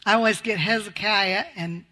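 An older woman preaching a fervent sermon, calling out hallelujah often and swinging between loud exclamations and quiet, slower teaching. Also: medium pitch, steady tone.

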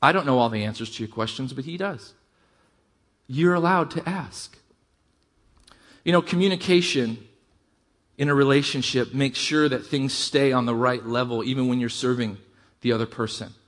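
A middle-aged man preaching a sermon to his congregation, conversational with rising emphasis and quick asides. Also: mid-range voice, fairly bright tone. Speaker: pastor.

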